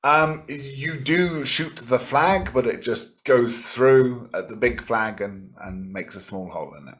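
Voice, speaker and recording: A man narrating as game master of a tabletop role-playing game, playful and quick to laugh. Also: mid-range voice. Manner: laughing, playful, bursts into shouted character lines.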